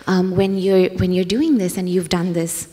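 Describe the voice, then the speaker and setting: Female festival host, warm mellow tone, hesitant phrasing; hall reverb. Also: on the low side, steady tone. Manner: halting, many ums. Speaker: interviewer, writer. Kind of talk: literary festival conversation. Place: concert hall on stage.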